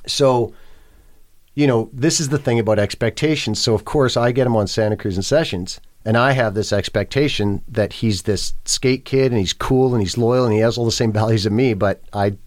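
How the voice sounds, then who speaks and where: A man's voice: medium pitch, normal speed. A man in his fifties telling a long story as a podcast guest, swearing freely and restarting often. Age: 50s. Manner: swearing, rambling, with many fillers and restarts. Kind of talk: casual storytelling.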